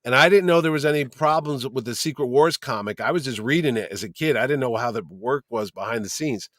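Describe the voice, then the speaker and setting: A middle-aged man, a convention producer, telling lively anecdotes as a guest and acting out the people he quotes. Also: medium pitch, fairly quick, no room sound, clean studio sound. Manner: lively storyteller who acts out quoted people. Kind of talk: casual podcast chat, anecdotes.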